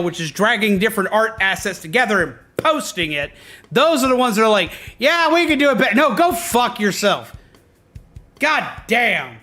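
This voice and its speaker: A streamer man with a high, bright voice rants heatedly at his chat. He swears freely and keeps repeating himself and restarting his sentences. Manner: heated, profane, emphatic; self-interrupting, repeats himself. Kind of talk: casual ranting to stream chat.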